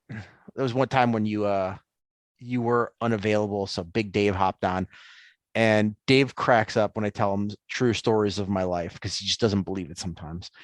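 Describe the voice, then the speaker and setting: A man's voice: fairly low pitch, no echo. A man co-hosting a sports podcast in casual chat, easygoing and hesitant, with many ums. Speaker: podcast co-host.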